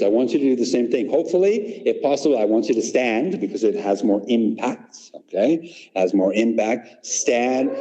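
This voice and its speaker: A man running a live online workshop for teachers, energetic and demonstrative, often checking in with "right?". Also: mid-range voice, in a large hall. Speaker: teacher trainer.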